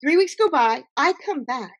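Emphatic high-voiced woman author. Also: normal speed. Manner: emphatic, animated storyteller. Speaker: guest author. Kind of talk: conversational interview.

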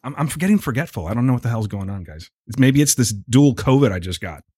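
A man's voice: medium pitch, fast, breathy edge, no echo, clean studio sound. A man hosting a podcast in casual, joking chat with his guests. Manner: animated, jokey, playful radio-voice bits. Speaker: podcast host.

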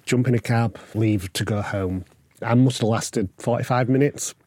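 A man's voice: mid-range voice, normal speed, a little mellow, no room sound. A young man telling his own story candidly in a podcast interview, acting out the voices of the people in it. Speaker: guest.

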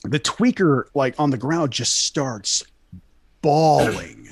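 A man's voice: medium pitch, animated, slow pace, creaky, breathy edge, no room sound. Rambling, profane storyteller man. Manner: rambling, profane, lots of fillers and restarts. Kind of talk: casual storytelling.

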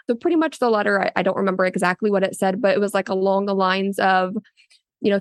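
A woman speaks as an interview guest, telling her story in an earnest, loose way full of fillers and restarts. Her voice sits in a middle pitch. The recording is dry and close, with no room echo. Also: steady tone, fast talker. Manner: often quotes others in a raised voice. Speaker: interviewee, a surrogate. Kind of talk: casual spoken interview.

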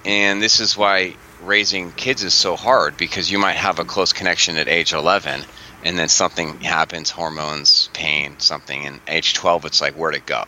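A man in his forties chats as a podcast guest, coaching parents, with a very bright, forceful tone. He is animated and breaks into playful voices to act out scenes. A faint hum of ambience sits behind him. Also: low-pitched, normal speed, rough recording. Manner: animated, acts out parents and teens in funny voices. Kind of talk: casual podcast chat.

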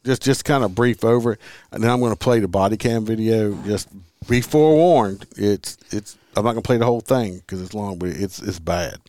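A man's voice: fairly low pitch, steady tone, a little fast, a little mellow, no echo. A man hosting a podcast, reading news aloud and ranting bluntly, with lots of profanity. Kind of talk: casual political talk.

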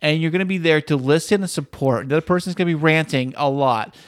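Male co-host, thirties, playful and teasing, slightly higher voice, dry close mic. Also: no room sound. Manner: joking, playful, drawn-out asides. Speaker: podcast co-host. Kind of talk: casual chat.

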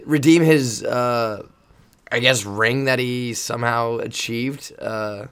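A man's voice: mid-range voice, slow pace, clear, resonant tone. A man who coaches volleyball, chatting casually on a podcast and rambling through stories with lots of restarts. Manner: rambling, animated storyteller with many restarts. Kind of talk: casual storytelling chat.

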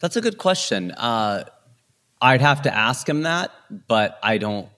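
A man who is a stand-up comedian talking as a guest in a casual interview, animated and playing with his pitch and loudness. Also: unhurried.

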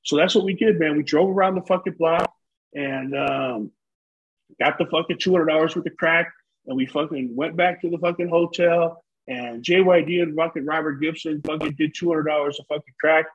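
A man's voice: on the high side, steady tone, normal speed, breathy edge. A man in his fifties telling long, profane stories in casual chat as a podcast co-host. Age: 50s. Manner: profane, rambling storyteller. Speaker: podcast co-host, former pro wrestler. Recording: dull lo-fi audio.

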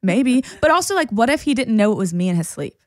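Woman podcast host telling a story, lively, keeps laughing, dry close mic. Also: a little high, fast, no echo. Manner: animated, laughs often while telling stories. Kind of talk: casual storytelling chat.

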